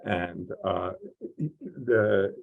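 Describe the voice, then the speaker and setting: A man teaching an online course, explaining slowly and carefully with many "uh" and "um" fillers. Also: sits low, gravelly, phone-quality sound. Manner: measured, explanatory, frequent "uh" and "um" fillers. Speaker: course instructor. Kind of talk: online lecture.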